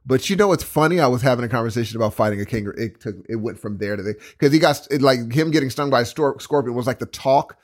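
A man co-hosting a podcast in casual chat, excitable and emphatic. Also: mid-range voice, quick pace, few pauses. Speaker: podcast co-host.

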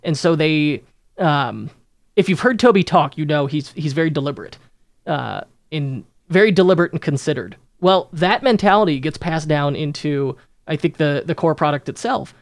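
A man hosts a podcast in a casual chat, rambling with lots of restarts and fillers. His voice is fairly high and expressive at a moderate pace, recorded in studio quality with no room sound.

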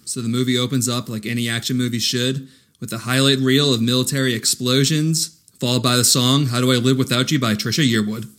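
A man's voice: mid-range voice, steady tone, brisk, fairly bright tone. A man co-hosting a casual movie podcast, recapping the plot with dry jokes. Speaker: podcast co-host. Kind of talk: casual movie-review chat.

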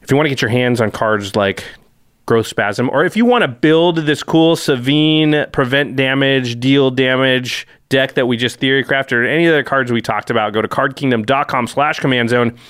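A man hosting a podcast in casual chat, chatty and animated with lots of filler words. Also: mid-range voice, moderate pace, clear, resonant tone, no echo, clean studio sound. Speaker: podcast host.

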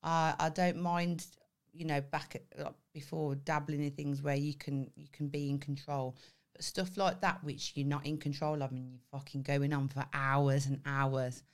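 A woman's voice: deep voice, moderate pace. A woman, telling a wild story on a casual podcast and swearing freely. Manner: animated storyteller, swearing, acts out voices with laughter. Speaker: podcast co-host. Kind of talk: casual chat.

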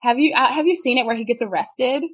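A woman chatting as a podcast guest. She tells stories in a rambling, profane way and laughs a lot. Her voice sits a bit high. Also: quick pace, breathy edge. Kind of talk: casual podcast chat.

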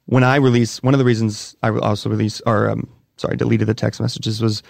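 A man in his thirties, a podcast guest talking candidly in a halting, emotional way, often restarting his sentences. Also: lowish voice, level tone, creaky, darkish tone, no echo, clean studio sound. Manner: emotional, halting and repeating himself. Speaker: interview guest. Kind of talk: candid conversation.

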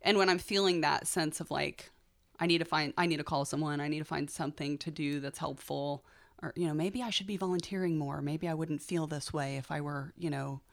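Panel guest, female, very low voice: quiet, candid, trails off softly. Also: steady tone, a little fast, gravelly. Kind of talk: casual panel discussion.

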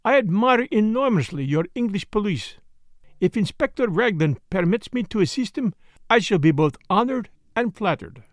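A man's voice: sits high, lively intonation, normal speed, dry recording, clean studio sound, voice pushed up. A man voicing a fussy, polite retired foreign detective with formal, precise phrasing in an audiobook. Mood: courteous.

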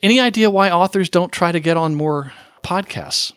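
A man hosting a podcast interview, animated and quick to laugh, with self-deprecating asides. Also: high-pitched, no echo. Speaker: podcast host. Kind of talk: podcast interview, asking questions.

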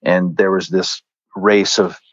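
A man's voice: low voice, steady tone, slow pace, no echo, lo-fi sound. A man speaking as a guest in an earnest, conversational way, telling stories and acting out what others said. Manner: earnest, conversational, acts out quoted lines. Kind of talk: storytelling in a faith interview.

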